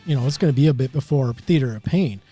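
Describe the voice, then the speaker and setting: A man's voice: mid-range voice, fast, warm tone, husky, faint music behind. A middle-aged man hosting a podcast, talking enthusiastically and swearing casually. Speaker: podcast host.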